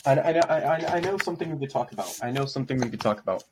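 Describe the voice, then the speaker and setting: A man's voice: mid-range voice, expressive, rapid-fire, noisy background. A young man in a casual online chat with friends, rambling and stalling as he hunts for a topic.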